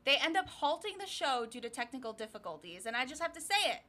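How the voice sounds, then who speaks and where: Brief: young woman, podcast co-host, high voice, sarcastic animated recaps. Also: fast. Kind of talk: casual comedic rewatch chat.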